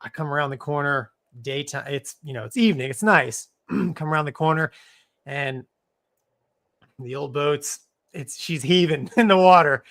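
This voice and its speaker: A middle-aged man, a former Navy fighter pilot co-hosting a live show, tells a casual story. He keeps it animated, laughs mid-sentence and leans on "man" and "dude". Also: on the high side, moderate pace.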